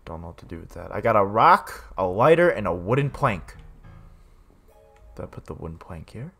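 A young man plays a horror game and talks it through in a lowish voice that jumps wildly up and down. He mutters quietly to himself, then yells when something startles him. Faint music plays behind him. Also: big pitch swings, moderate pace, vocal fry, breathy edge. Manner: jumpy, swings from muttering to yelling. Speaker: gaming streamer.

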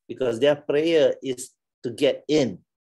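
A man's voice: mid-range voice, slow, darkish tone. A middle-aged man with a Malaysian English accent, giving a playful, teasing classroom talk and laughing often. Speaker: lecturer.

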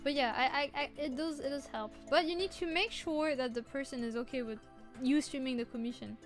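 A high-voiced woman chatting playfully with her viewers during an art stream. She is sleepy and keeps holding back yawns, yet she stays bubbly. Soft music plays faintly behind her. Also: a little fast. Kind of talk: casual chat while drawing.

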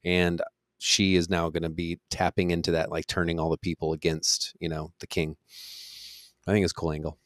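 A man's voice: sits low, little pitch movement, normal speed, no echo, clean studio sound. An easygoing man in a casual TV review chat who agrees readily and says "you know" a lot.

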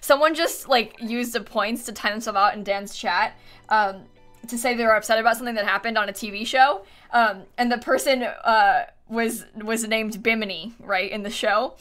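A woman's voice: on the high side, moderate pace, fairly bright tone, faint music behind. A young woman streaming live, chatting casually, giggling often and reading her chat aloud with plenty of fillers.

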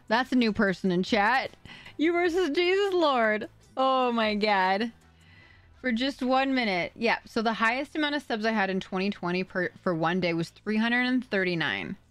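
A young adult woman live-streaming, chatting excitedly with her viewers, thanking donors, swearing and laughing. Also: medium pitch, no room sound. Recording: faint music behind.

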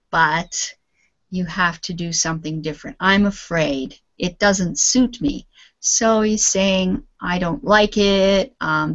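Slow patient woman teaching English. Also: mid-range voice, a bit bright. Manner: patient, explains and models pronunciation slowly. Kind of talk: online English lesson. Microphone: computer mic on a video call. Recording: dull lo-fi call audio.

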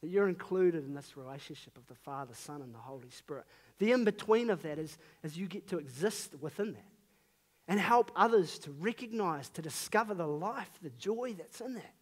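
High-voiced New Zealand man preaching. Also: expressive, moderate pace. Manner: earnest, conversational, emphatic rises on key phrases. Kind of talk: sermon.

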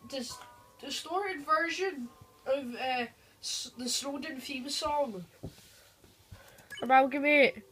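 A woman giving casual let's-play commentary, reading the on-screen text aloud and reacting quickly. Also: sits high, a bit bright, rough recording. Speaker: gamer. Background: game music.

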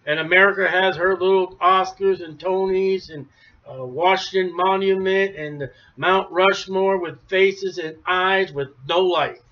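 A man preaching a sermon, emphatic, rising to near shouts then dropping low. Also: steady tone, measured pace. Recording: dull lo-fi recording.

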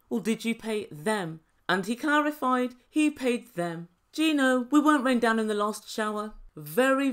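A woman giving a sarcastic, theatrical recap of a reality show, mocking the people in it and laughing at her own jokes. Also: on the high side. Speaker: reality TV commentator.

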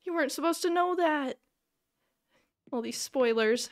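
A woman live-streams a video game, chatting casually with viewers and reacting with frequent self-deprecating exclamations. Her voice sits high and moves at a measured pace.

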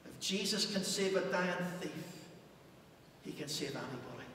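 Male preacher, fervent sermon that swells and drops, high voice, recorded from afar in a reverberant church hall. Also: expressive, unhurried. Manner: impassioned preaching, rising and dropping to near hush. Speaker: pastor. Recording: echoey church hall, distant mic, faint hum.

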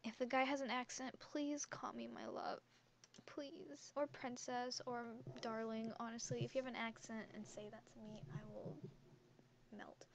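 A woman's voice: on the high side, level tone, normal speed, background noise. A teenage girl gaming YouTuber who chats casually and giggles as she reads quiz questions aloud and answers them, talking into a headset mic hung around her neck. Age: teens. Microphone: headset mic worn around the neck.

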